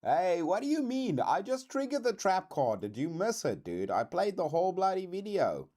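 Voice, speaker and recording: A man from South Africa with a South African accent, hosting a casual livestream reaction chat in a slangy, swearing, animated way. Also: high voice, normal speed. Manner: animated, slangy, says dude a lot, swears. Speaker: streamer host.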